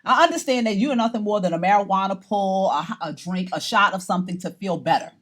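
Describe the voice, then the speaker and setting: A woman from New York, middle-aged, shares a personal story to camera for a documentary, speaking fast in a mid-range voice. She's animated and theatrical, slipping into the voices of the people in her tale.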